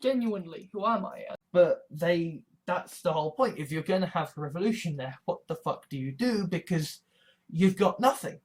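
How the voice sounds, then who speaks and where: A woman's voice: fairly low pitch, expressive, moderate pace, a little mellow. A woman vlogger talking casually to camera in a rambling, exasperated way, swearing freely. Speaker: YouTube vlogger. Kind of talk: casual vlog monologue.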